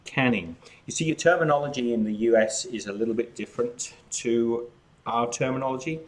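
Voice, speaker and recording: A man's voice: medium pitch, fairly quick. Chatty Australian man hosting a live chat. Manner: chatty, outgoing, talks while snacking. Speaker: cooking channel host.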